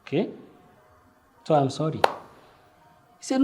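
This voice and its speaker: A man telling his own life story, acting out heated exchanges with lively swings in voice. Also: medium pitch, unhurried, over music. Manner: animated, acts out heated exchanges. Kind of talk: personal storytelling.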